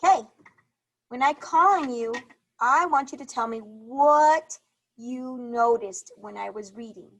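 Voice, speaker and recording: A woman's voice: high-pitched, unhurried, fairly bright tone. A woman teacher giving an online read-aloud lesson, speaking patiently and encouragingly, checking in with questions.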